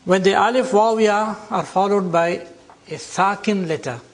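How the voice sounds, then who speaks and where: An older man teaching a classroom lecture, explaining slowly and deliberately and drawing out example words. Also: high-pitched.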